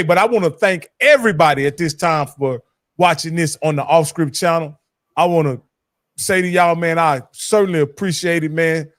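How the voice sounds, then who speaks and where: A man's voice: a little high, no echo, studio quality. A man hosting a casual college football talk stream, laid-back and friendly, calling people "man.". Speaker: show host.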